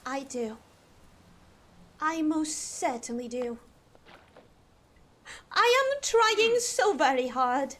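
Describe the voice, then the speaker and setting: A woman's voice: sits high, expressive, very slow, long pauses, a bit bright. A woman streamer chatting while she plays a game, talking in an affected posh English accent with a prim, fussy manner. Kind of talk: gaming livestream chat.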